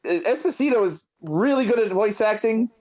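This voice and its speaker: A man co-hosting a podcast in casual chat, excitable and stumbling over his words. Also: high voice, a little fast, dull audio. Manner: excitable, stammering restarts. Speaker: podcast co-host.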